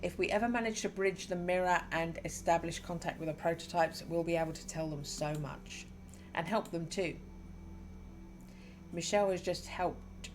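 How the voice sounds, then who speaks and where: Low-voiced woman reading game lines. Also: moderate pace, faint music behind. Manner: switches between calm reading and excited squeals. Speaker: streamer. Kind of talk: reading game dialogue aloud with commentary.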